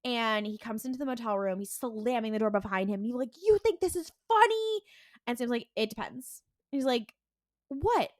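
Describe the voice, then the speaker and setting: A woman co-hosting a podcast, casually recapping a TV episode and acting out the characters' lines in quick voices, with a lot of "like". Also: a little high, no room sound, clean studio sound. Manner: heavy use of "like" and "and he's like". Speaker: podcast co-host.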